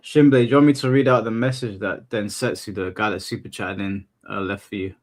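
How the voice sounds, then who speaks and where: A man hosting a stream, reading a viewer's message aloud in a slow, steady way with small fillers. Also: fairly low pitch. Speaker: host.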